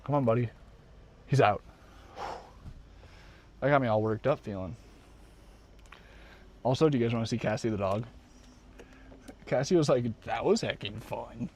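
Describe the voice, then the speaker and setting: A man live-streaming from inside his van, chatting casually with viewers and his dog, excitable and swearing freely. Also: medium pitch, normal speed, long pauses. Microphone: desk mic.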